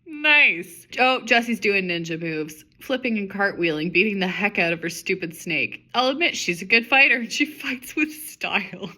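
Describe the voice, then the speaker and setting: A woman's voice: medium pitch, lively intonation, moderate pace, hardly any pauses, pushed and bright. A woman in her twenties reads aloud a story she wrote as a child, breaking off for sarcastic asides. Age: 20s. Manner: wry, sarcastic asides, laughs often. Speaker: author reading her old story. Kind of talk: reading aloud with commentary.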